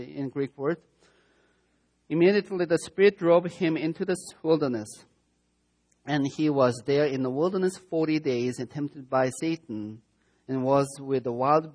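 A man with as a preaching a conversational, verse-by-verse sermon, asking his listeners rhetorical questions and often correcting himself mid-sentence. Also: a little high. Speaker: pastor. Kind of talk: sermon, verse-by-verse Bible teaching.

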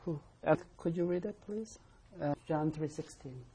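A teacher leads a Bible study, speaking with a husky, slightly breathy voice. Key words and verse references come back again and again for emphasis, and students are invited to read aloud between points. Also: medium pitch, normal speed, dark tone. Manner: calls on class members to read aloud.

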